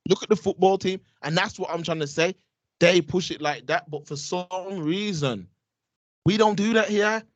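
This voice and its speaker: A man's voice: high voice, normal speed, no room sound. Emphatic young English man, heavy. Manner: emphatic, repeats his points, street slang. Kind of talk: casual chat.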